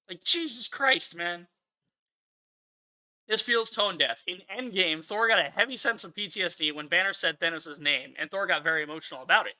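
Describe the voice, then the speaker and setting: Man ranting, bright sharp voice. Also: high voice. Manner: profane, exasperated ranting. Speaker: channel host. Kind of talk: ranting movie commentary.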